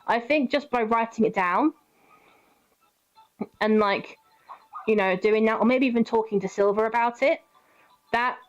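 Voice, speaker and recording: A young woman live streaming, chatting casually and gently reassuring her viewers with advice. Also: medium pitch. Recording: dull lo-fi stream audio.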